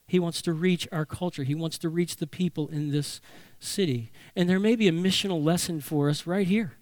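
A man preaches from the pulpit, his voice sitting high for a man. He preaches in an animated way, acting out voices to drive his points home. The sound is dry and close. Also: moderate pace, no echo. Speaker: pastor. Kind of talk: sermon.

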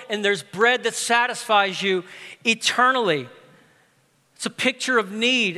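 A male pastor giving a lively, conversational sermon with casual asides and humor, recorded in a large reverberant room. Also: sits high. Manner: lively, conversational, uses humor and pop-culture stories.

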